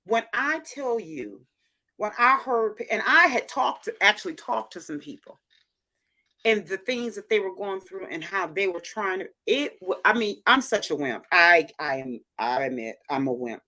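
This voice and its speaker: A woman hosting a casual livestream, her voice bright and forceful and her pitch swinging widely. She talks emphatically, repeating words to drive each point home. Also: moderate pace. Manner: emphatic, animated, repeats phrases for stress. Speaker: show host reading viewer comments.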